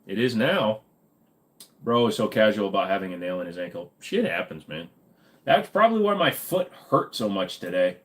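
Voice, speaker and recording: A man's voice: on the low side, sing-song, moderate pace, fairly bright tone. A tired, cranky man hosts a casual live stream from home, answering viewer questions. He has a slight Minnesota accent. He wisecracks and swears offhandedly. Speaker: livestream host.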